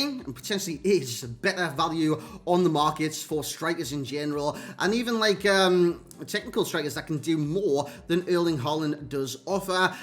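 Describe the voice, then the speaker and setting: High-pitched and fairly bright, this Geordie man from North East England makes YouTube gaming videos. He talks chattily over gameplay footage in a casual way, calling his audience "mate" and "lads."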